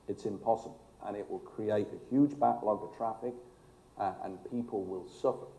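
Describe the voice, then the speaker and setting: A man's voice: on the low side, steady tone, moderate pace, creaky, warm tone. A man, a former fire chief, telling emphatic stories with dry humor in a speech to an audience. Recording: echoey hall.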